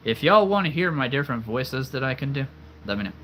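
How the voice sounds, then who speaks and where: A man's voice: mid-range voice, big pitch swings, quick pace, sharp tone, a little hiss or hum. A man chatting casually on a livestream, answering viewers with frequent laughter while losing his voice. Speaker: livestream host.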